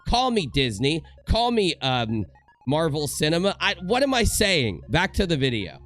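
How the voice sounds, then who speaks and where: A man's voice: a little high, sing-song, normal speed, fairly bright tone, soft background music. A young man giving a casual commentary rant from home in front of a green screen, joking and rambling with self-mocking asides. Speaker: commentary YouTuber.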